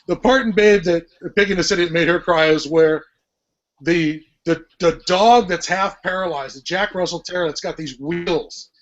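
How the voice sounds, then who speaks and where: A man's voice: sits high, normal speed. A man hosting a casual podcast chat, telling stories animatedly and swearing freely. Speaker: podcast host. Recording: lo-fi podcast audio.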